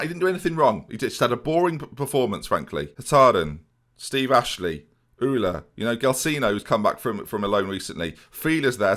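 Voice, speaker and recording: Male let's-player, lively swooping pitch, mock-grumpy asides to viewers. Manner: animated, self-mocking, talks to viewers. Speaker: gaming YouTuber. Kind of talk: let's play commentary.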